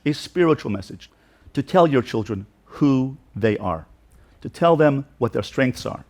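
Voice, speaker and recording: A man's voice: mid-range voice, darkish tone. A man speaking as a rabbi in an inspirational talk, earnest and heartfelt, building emphatic repeated lists.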